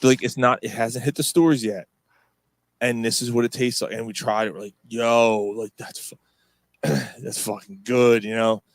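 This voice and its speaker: Steady in tone and moderate in pace, this man's medium-pitched voice carries his meandering stories as a podcast co-host. He swears often and fills gaps with filler words in a casual, pub-like chat. The recording is dry.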